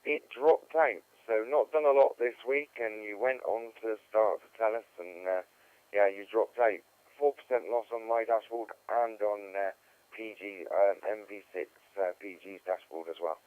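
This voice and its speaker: A chatty man hosting a radio net, rambling along with plenty of ums and uhs. His voice sits fairly low and comes through a thin, tinny radio link with a dry, close sound. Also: steady tone, moderate pace, clear, resonant tone, dry recording. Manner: chatty, rambling, many fillers. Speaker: net host. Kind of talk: casual amateur radio net chat. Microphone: amateur radio transceiver mic.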